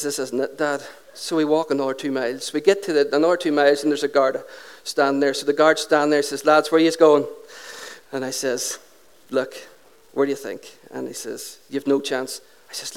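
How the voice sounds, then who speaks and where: Male pastor, smooth resonant tone, animated sermon storyteller who voices each character. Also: medium pitch. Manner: lively anecdotal storytelling, acting out dialogue.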